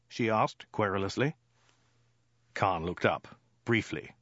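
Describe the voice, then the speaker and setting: A man narrating an audiobook with a dry, deadpan comic delivery. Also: low voice, normal speed, breathy edge, no echo. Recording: dull lo-fi dry recording.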